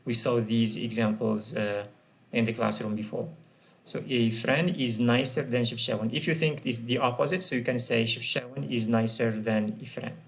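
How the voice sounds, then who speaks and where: A man's voice: medium pitch, steady tone, moderate pace. A man teaching an English grammar lesson, patiently repeating and spelling out example words.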